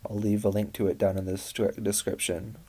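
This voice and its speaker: A man's voice: fairly low pitch, flat delivery, fairly quick, warm tone, a little hiss or hum. A man reacting with outrage, stammering and swearing as he reads out screenshots. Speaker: commentary YouTuber.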